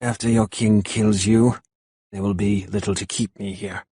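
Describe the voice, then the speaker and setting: A man's voice: lowish voice, fairly even intonation, moderate pace, dark tone, slightly rough, no room sound. A man voicing a sullen, defiant young male prisoner.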